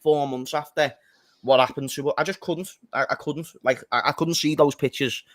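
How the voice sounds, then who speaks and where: A fired-up man holds forth on football and swears without a second thought. His voice sits fairly high, and the sound is dry and close with little room echo. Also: steady tone, normal speed, fairly bright tone. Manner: passionate, ranting, swears freely. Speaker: fan channel co-host. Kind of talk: heated football fan chat.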